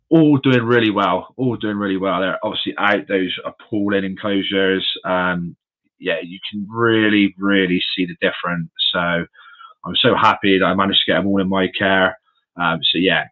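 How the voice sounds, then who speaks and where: A man hosting a casual live stream from his room of animal enclosures, chatty and friendly, calling his viewers mate and buddy. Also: low-pitched. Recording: dull lo-fi stream audio.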